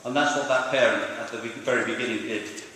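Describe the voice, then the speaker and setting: A man's voice: mid-range voice, steady tone, fast talker, sharp tone, a little hiss or hum. An older man lectures to teachers, explaining things and asking his audience questions. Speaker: speaker on language teaching. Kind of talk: talk to teachers. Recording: roomy hall, from far off.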